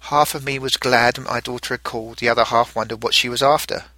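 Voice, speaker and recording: Middle-aged man, storytelling narration, gentle, reflective, very bright voice, dry close sound. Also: medium pitch, fairly even intonation, fast, dry recording. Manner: reflective, gentle first-person telling.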